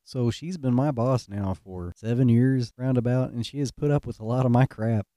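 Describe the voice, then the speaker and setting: A laid-back podcast host with a mellow, medium-pitched voice tells stories casually at a normal speed. The sound is clean studio audio with no room sound.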